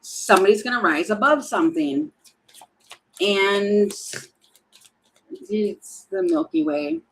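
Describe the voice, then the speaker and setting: A woman's voice: mid-range voice, sing-song, slow, vocal fry, slight background noise, low-quality recording. A woman giving a casual tarot reading, chatty and giggly, often acting out little quoted lines. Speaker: tarot reader.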